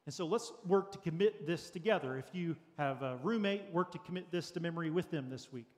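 A man's voice: a little high, a little fast, a little mellow, in a large hall. A man preaching a sermon as pastor, earnest and practical, with light jokes for the congregation. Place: church sanctuary.

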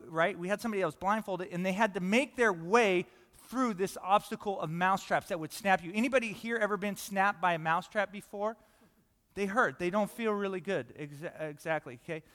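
A man with a high voice preaches to a congregation in a casual, conversational way. He swings from loud and urgent to a soft hush. His voice rings with the long reverb of a big hall. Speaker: pastor. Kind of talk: sermon.

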